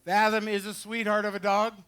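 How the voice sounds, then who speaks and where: Out at a fairground pond with a dock, this male trainer and show host keeps up joking, down-home commentary on a handheld or headset mic as his retrievers perform. He speaks briskly in a high, monotone voice that is smooth and a little bright.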